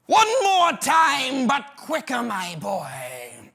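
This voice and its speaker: A man's voice: very high-pitched, wildly swooping pitch, extremely slow, gravelly, pushed and bright, pitched above the performer's own voice, heavily acted. A man on stage voicing a bossy male acting teacher who barks drills and commands at his students. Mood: impatient. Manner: barking drill commands, impatient.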